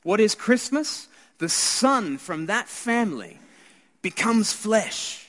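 An Australian man preaching a Christmas sermon in an earnest, conversational way, often restarting and dropping to hushed asides. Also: high voice, big pitch swings, slow. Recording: hall reverb.

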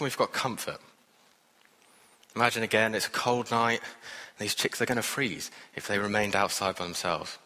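A man preaching a sermon with a lowish, bright, forceful voice. He speaks earnestly and conversationally, with wry asides. His words ring out with the long reverb of a church hall.

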